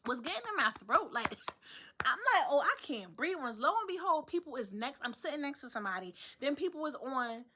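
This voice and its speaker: A woman's voice: sits high, fairly quick. A young woman vlogging from home, casually venting and acting out other people's lines. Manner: animated storytelling, acts out other people's lines.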